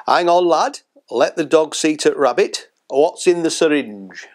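A man's voice: on the high side, expressive, measured pace. A stubborn, bossy Yorkshire old-timer, as a man puts him on, blunt and grumbling, his voice jumping up and down. He barks short orders in a sketch-comedy scene. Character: gruff old northern English patriot, stubborn.

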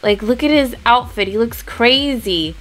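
A woman's voice: a little high, expressive, measured pace. Woman voicing a judgy young woman game sim, fed up, gossipy, with faint music behind. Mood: exasperated. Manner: exasperated, gossipy.

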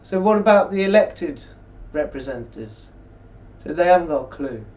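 A man's voice: a little high, expressive, normal speed, a little mellow. A man, talking casually and reading scripture aloud in a rambling, conversational way while seated indoors. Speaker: religious video blogger. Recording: distant mic, dull lo-fi sound.

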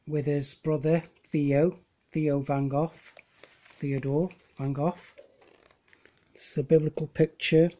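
An amateur painter with a slightly high, warm voice narrates a casual slideshow of his painting copies. He rambles, often hesitating and correcting himself, on a dull lo-fi home recording.

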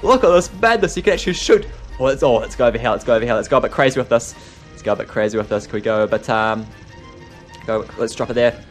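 A young man doing excitable gameplay commentary, exclaiming and laughing at his own mistakes. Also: medium pitch, quick pace, soft background music. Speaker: gaming YouTuber.

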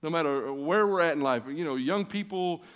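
Sixty-ish guy preaching on a church stage, folksy, lots of uh's, slightly high voice. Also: moderate pace, a bit bright, clear, resonant tone. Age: 60s. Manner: folksy, self-deprecating, many "uh" fillers. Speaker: guest preacher. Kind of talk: sermon with storytelling. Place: church stage before a large congregation.

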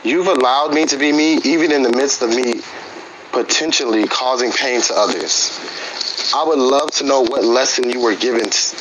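A man speaking into his phone on a live stream, halting and hesitant, his words full of fillers and restarts. His voice sits at a middling pitch. A clear hiss of noise runs under the audio. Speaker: participant in a live-stream group session. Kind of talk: casual live-stream talk and reading a personal letter aloud.

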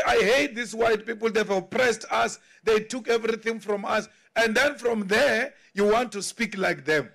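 A man in his forties with a South African accent, a party leader giving a political speech in slow, emphatic oratory that now and then rises to a shout. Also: sits high. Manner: mocks others in acted quotes. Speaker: party leader addressing members.

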